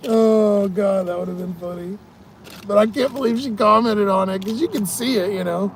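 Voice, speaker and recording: A man's voice: sits high, fairly even intonation, measured pace, a little hiss or hum. A tired man vlogging in a casual, rambling way, swearing often and laughing at his own stories. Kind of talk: casual rambling vlog talk.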